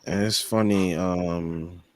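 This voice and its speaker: A young adult man co-hosting a casual sports podcast, speaking indignantly in halting, filler-heavy sentences. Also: deep voice, steady tone, no echo. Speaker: podcast co-host.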